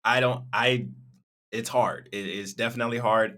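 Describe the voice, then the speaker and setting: A man's voice: mid-range voice, steady tone, moderate pace, a bit bright. A man hosting a reaction video, talking casually and chatting directly to his viewers.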